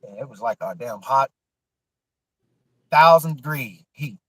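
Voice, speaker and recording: A man's voice: mid-range voice, a little slow, a bit bright, no room sound, low-quality recording. Man, storytelling guest, loose and profane, lots of restarts, dry close sound. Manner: rambling, profane, many fillers and restarts. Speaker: guest telling a personal story. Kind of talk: casual storytelling on a livestream.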